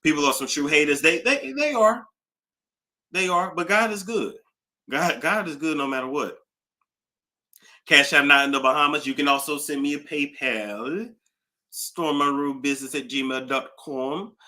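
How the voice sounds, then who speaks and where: Chatty male livestream host with a bright, forward voice; animated and talkative. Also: fairly high pitch, moderate pace. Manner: animated, chatty, reading out donor thanks. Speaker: YouTube gossip host. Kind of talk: casual livestream chat.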